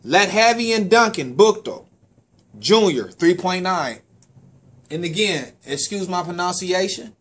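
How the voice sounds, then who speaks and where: A man hosting a local sports talk show, talking in a casual, animated way with a slightly higher voice. He repeats words and stumbles over names as he runs through his shout-outs. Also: measured pace. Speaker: parent and sports official.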